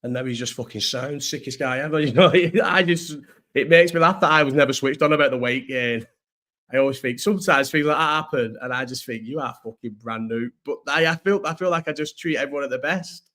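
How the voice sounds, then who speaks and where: A man's voice: a little high, fairly quick, a bit bright. A young man chatting casually on a livestream, rambling, swearing and answering viewers. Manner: rambling, slangy, swears freely, answers chat. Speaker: streamer reacting to chat.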